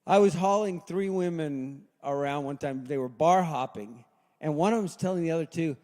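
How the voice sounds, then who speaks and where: A man in his sixties doing a stand-up set at a live open mic, deadpan, dropping low and quiet for his punchlines. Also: normal speed. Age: 60s. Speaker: stand-up comedian. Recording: long reverb in a hall.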